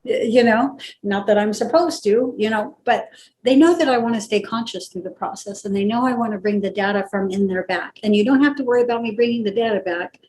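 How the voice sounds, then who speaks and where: A woman's voice: mid-range voice, brisk, darkish tone, slight background noise, low-quality recording. A woman talking casually and reflectively during a channeling practice session, thinking aloud with many fillers. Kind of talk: casual conversation.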